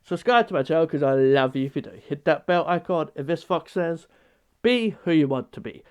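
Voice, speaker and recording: A man's voice: on the high side, expressive, a little fast, clean tone. Rambling, hesitant young-sounding man. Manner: rambling, hesitant, with many restarts and laughs. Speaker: vlogger. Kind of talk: unscripted casual chat.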